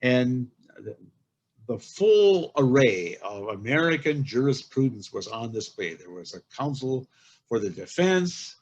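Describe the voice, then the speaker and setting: An older man giving a webinar talk from home, explaining carefully with many pauses and fillers. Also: medium pitch, sing-song, husky. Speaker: guest speaker. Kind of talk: webinar lecture. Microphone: home computer mic on a video call. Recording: dull lo-fi call audio.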